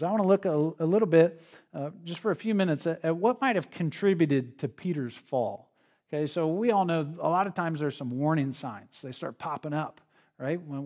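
Speaking in a slightly high, darkish voice, a male pastor delivers an expository sermon as if in conversation. He keeps checking in with the audience, leaning on frequent "right?" tag questions.

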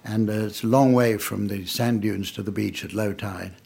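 Older raconteur, gravelly and a bit husky, dry wit, storytelling to a laughing audience. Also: male voice, fairly low pitch, fairly even intonation, moderate pace, a little mellow. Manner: dry, wry, understated delivery with audience laughter. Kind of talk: anecdotal storytelling talk.

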